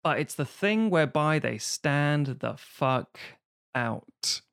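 A man's voice: a little high, lively intonation, takes it slowly, creaky, a bit bright, clear, resonant tone. A man co-hosting a podcast, talking casually and animatedly about acting, rambling and swearing freely.

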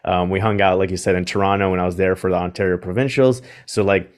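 A man's voice: low-pitched, fairly even intonation, quick pace. A man on a podcast talking in casual chat, rambling with many fillers. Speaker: podcast guest.

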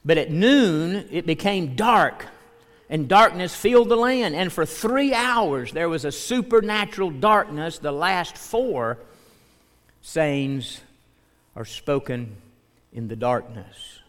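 A man's voice: on the high side, animated, takes it slowly, a bit bright. A man preaching a sermon as pastor, speaking earnestly and reading scripture aloud. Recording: long hall reverb.

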